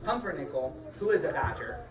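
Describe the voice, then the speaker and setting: A woman reading a picture book aloud to children, playful and animated, chatting about the pages as she goes. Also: low-pitched, a little fast, a crowd in the background. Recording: echoey room from far off.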